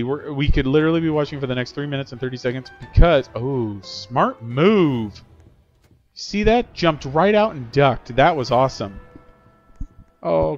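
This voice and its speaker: A middle-aged man hosting a game livestream, chatting upbeat with viewers and cheering on players. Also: mid-range voice. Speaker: livestream host. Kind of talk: casual gameplay commentary. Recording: slightly dull lo-fi audio with faint game music.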